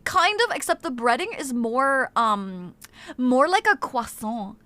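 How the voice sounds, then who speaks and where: A woman streamer chatting on a live stream. Her voice is high and bright, and it swings widely in pitch as she gets excited. She swears freely, reads out her chat, and sounds close to the mic in a dry space. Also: measured pace, no echo. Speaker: game streamer.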